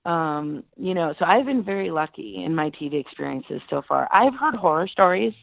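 A middle-aged actress being interviewed, telling stories conversationally and acting out quoted dialogue with lively jumps in pitch. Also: female voice, moderate pace, gravelly, no echo. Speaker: actress guest. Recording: tinny phone-like line.

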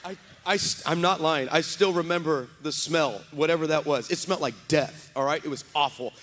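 Male pastor, high-pitched, lively comic storyteller, recorded in a reverberant church hall. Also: moderate pace, a little hiss or hum. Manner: animated, shouting at peaks, comic asides. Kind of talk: energetic storytelling sermon. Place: large church sanctuary.

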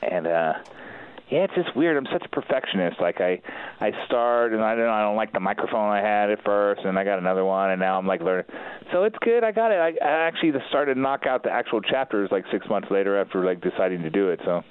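A relaxed man chatting easily as a guest, his speech full of fillers and restarts. His voice sits a bit low and sounds smooth and close, with no room around it. It comes through a thin, phone-like line. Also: fast, no room sound. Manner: laid-back, rambling with fillers and restarts. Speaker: podcast guest, author. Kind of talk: casual chat.

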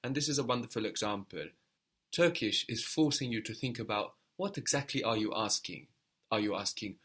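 A man's voice: medium pitch, animated, fairly quick, fairly bright tone. A man teaching a spoken language lesson, patiently explaining step by step and prompting his learner.

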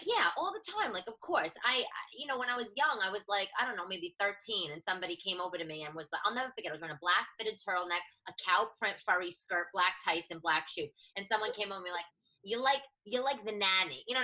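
A woman in her thirties with a New York accent, a stand-up comic chatting on a podcast, loud and a bit nasal, with many quick restarts. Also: medium pitch, poor audio. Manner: fast, animated, many restarts. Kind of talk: casual podcast chat.

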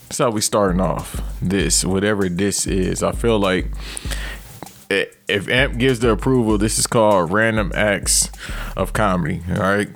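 A man's voice: lowish voice, unhurried, vocal fry, a little hiss or hum. A man in his thirties ranting loosely and profanely as a podcast host, with sudden outbursts. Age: 30s. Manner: profane, rambling, animated outbursts. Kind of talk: comedic rant.

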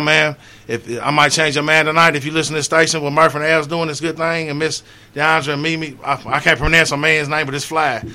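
A middle-aged man talking earnestly on a radio show, urging listeners and swinging from loud appeals to quiet, low moments. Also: a little hiss or hum. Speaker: community organizer and guest. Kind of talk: heartfelt radio talk.

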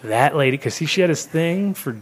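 A man's voice: fairly high pitch, animated, a little fast, slight background noise. A middle-aged man in casual podcast chat, rambling through stories and acting out the voices of people he quotes. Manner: rambling storyteller who acts out quoted voices. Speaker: cannabis seed company guest.

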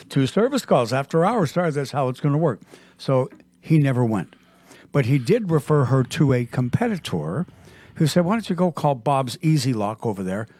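A man's voice: mid-range voice, dry recording. A man co-hosting a radio talk show, telling an anecdote and acting out the quotes. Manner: animated storyteller acting out quotes.

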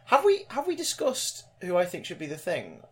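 A man co-hosting a casual podcast chat, animated, laughing often and swearing freely. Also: high voice, moderate pace. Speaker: podcast co-host.

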